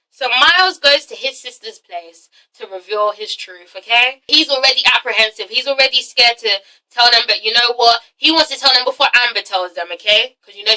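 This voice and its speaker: High, bright, sassy woman vlogger. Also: recorded from a distance, low-quality recording. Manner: sassy and profane, with constant "okay? all right?" tags. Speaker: vlogger reviewing a reality show. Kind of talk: casual recap and commentary.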